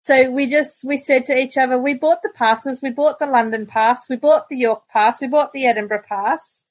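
A woman's voice: high voice, fairly even intonation, normal speed, no echo, rough recording. A middle-aged Australian woman, a podcast guest, telling stories in casual chat and laughing often. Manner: chatty storyteller, laughs often.

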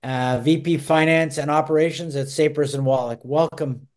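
A man's voice: on the high side, steady tone, normal speed, darkish tone. A man hosting a business interview show, introducing guests in a friendly, joking way over a video call. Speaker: host.

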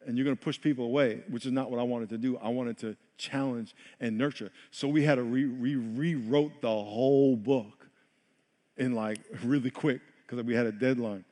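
A man's voice: medium pitch, fairly even intonation, moderate pace, warm tone. A man preaching a sermon as pastor, emphatic and repeating words for stress. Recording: long hall reverb.

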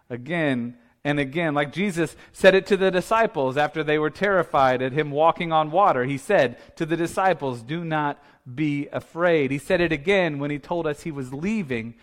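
Laughing, conversational pastor with a higher voice. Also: male voice, fairly bright tone. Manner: conversational and playful, laughing often. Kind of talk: sermon.

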